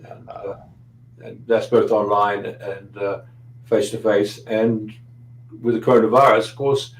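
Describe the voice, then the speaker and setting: A man's voice: lowish voice, fairly even intonation, measured pace, reverberant, a little hiss or hum, poor audio. Chatty British man from London. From London, England. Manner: chatty, anecdotal, with dry humor and frequent hesitations. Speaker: guest photographer. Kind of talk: casual interview chat.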